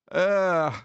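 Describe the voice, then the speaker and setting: A man's voice: high-pitched, fairly bright tone, clean tone, no room sound, muffled recording. A man streaming live, chatting casually and rambling as he reads comments from chat aloud.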